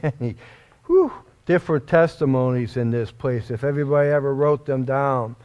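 A man preaching a sermon in a church, giving an emotional testimony that rises suddenly into loud, high bursts. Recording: dull lo-fi recording.

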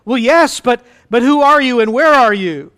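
A man voicing a panicked man clinging to a branch on a cliff, yelling and pleading for help. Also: very high voice, quick pace, clear, resonant tone, voice pushed up.

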